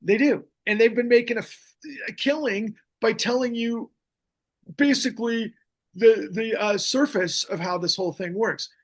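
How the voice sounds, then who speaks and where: A man's voice: extremely high pitch, moderate pace. A middle-aged man hosting a podcast, ranting about politics in a fiery, rambling way with many restarts. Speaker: podcast host. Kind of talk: impassioned political talk.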